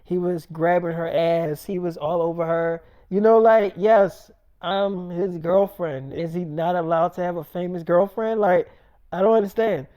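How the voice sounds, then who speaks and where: A defensive, exasperated young actress is setting the record straight on a livestream, as a man puts her on. The voice sits fairly high and is delivered softly and a little flatly, like someone fed up with the rumors. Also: measured pace, clean tone. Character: young female actress confirming romance on livestream.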